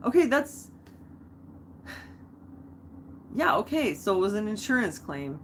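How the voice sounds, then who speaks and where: A woman's voice: mid-range voice, sing-song, brisk, slight background noise. A young woman hosting a live stream, chatting casually, rambling off on tangents and answering viewer comments.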